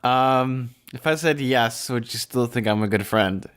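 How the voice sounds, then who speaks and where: A man's voice: medium pitch, a little slow, fairly bright tone, clear, resonant tone. A man co-hosting a podcast, recapping a book in easygoing casual chat with small jokes. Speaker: podcast co-host.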